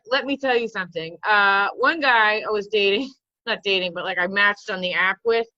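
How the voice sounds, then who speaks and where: A woman in her forties, a comedian rambling through self-mocking stand-up bits with a deadpan delivery. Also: a little high, brisk, dry recording, lo-fi sound. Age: 40s.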